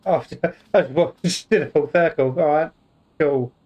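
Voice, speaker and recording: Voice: mid-range voice, normal speed, darkish tone, highs cut off. A game streamer giving casual commentary while playing, joking and talking back to the characters.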